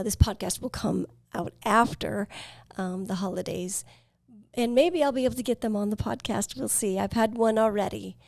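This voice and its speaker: A woman in her fifties, hosting a podcast, telling her life story in an earnest, reflective way with pauses and fillers. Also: mid-range voice, vocal fry, a little mellow, dry recording, studio quality. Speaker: podcast host. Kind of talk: personal storytelling.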